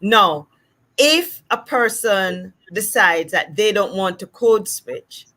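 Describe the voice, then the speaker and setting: A woman from Jamaica with a Jamaican accent, a speech-language pathologist explaining things in a casual, animated way and acting out examples. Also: mid-range voice, slow pace. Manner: animated, acts out examples in different voices.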